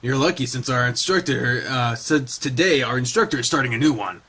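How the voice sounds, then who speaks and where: A man voicing a polite, gentle young male wolf who speaks softly and courteously. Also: mid-range voice, lively intonation, a little fast, husky, voice pushed down, heavily acted. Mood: friendly. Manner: soft-spoken, courteous.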